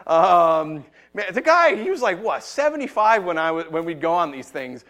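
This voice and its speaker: Animated pastor with a lively, high voice. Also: male voice, moderate pace. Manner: animated storytelling, acting out shouting voices; drops to a soft, low voice for the message and prayer. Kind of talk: sermon.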